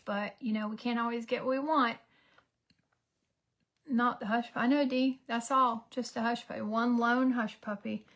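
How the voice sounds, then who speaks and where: A woman, telling a story as a casual get-ready-with-me vlog, dramatic and animated, sometimes dropping to a whisper. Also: a little high. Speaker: beauty vlogger.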